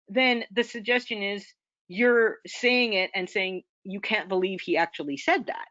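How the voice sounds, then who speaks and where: A woman lecturing at a seminar in a relaxed, talky way, often pausing to ask "okay?" and "right?". The sound is dry and a little dull, like a plain lo-fi lecture recording. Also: mid-range voice, no room sound. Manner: conversational, checks in with "okay?" and "right?". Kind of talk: academic lecture.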